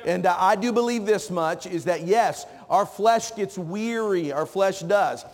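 A high-voiced man preaches from a church stage, joking with the youth and calling out to the crowd. His voice carries through a large hall with a long, ringing reverb. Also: unhurried. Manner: joking, calls out to the congregation. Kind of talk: sermon. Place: church sanctuary.

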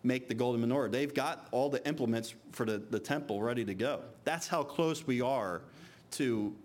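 A man with a mid-range voice preaches to a congregation, first reading scripture aloud slowly and then talking casually, restarting his sentences now and then.

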